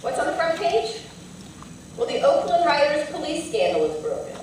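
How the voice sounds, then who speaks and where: Woman lecturer, earnest storyteller, higher voice; distant pickup in a large reverberant hall with faint background noise. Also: sing-song, moderate pace. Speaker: civil rights lawyer and lecturer. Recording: very echoey hall, heard from afar.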